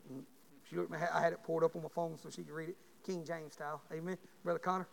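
A man, preaching a sermon in a church by telling a story, rising from quiet talk to shouting. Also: fairly high pitch, little pitch movement, very fast, vocal fry, slight background noise. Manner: builds to shouting. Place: church sanctuary. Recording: long hall reverb.

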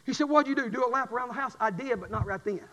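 A middle-aged man preaching a sermon, swinging from quiet testimony to shouted fervor. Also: very high voice, rapid-fire, long reverb tail, muffled recording.

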